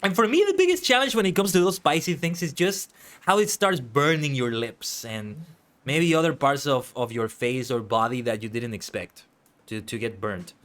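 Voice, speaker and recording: Animated man streamer, lively pitch. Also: moderate pace. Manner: animated, exclaiming, self-correcting. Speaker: VTuber streamer. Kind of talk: casual stream chat and reactions.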